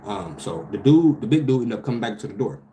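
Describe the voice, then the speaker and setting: A man, animated and profane, telling a story about his delivery job with loud outbursts. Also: mid-range voice, fast, a little hiss or hum. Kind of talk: casual storytelling vlog.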